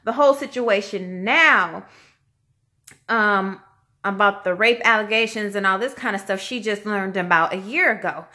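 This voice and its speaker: A woman vlogger giving a casual, chatty review, animated and slangy, acting out quotes in shifting voices. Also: medium pitch, normal speed. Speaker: vlogger reviewing a reality show.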